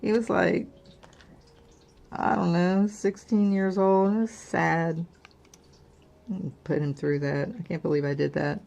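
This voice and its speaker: Low gravelly middle-aged woman. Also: level tone, slow, pauses often, a little mellow. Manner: candid, rambling, many fillers. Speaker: crafting channel host. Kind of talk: casual personal chat.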